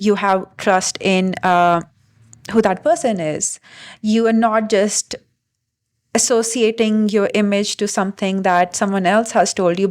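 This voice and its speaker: A young adult woman talking through her thoughts in a reflective vlog monologue, halting and full of fillers and restarts. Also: mid-range voice, a little mellow. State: briefly emotional. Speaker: vlogger.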